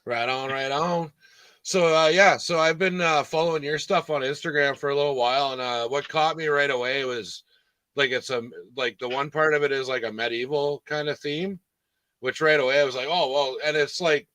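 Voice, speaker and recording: A man's voice: a little high, moderate pace, sharp tone, no echo. A man hosting a live stream, chatting in an easygoing way with lots of "like" and "dude". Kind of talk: casual chat.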